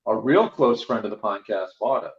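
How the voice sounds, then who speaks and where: A man co-hosting a podcast in relaxed, joking chat. The recording sounds slightly dull and lo-fi. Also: fairly low pitch, moderate pace, gravelly, slight background noise. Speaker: co-host.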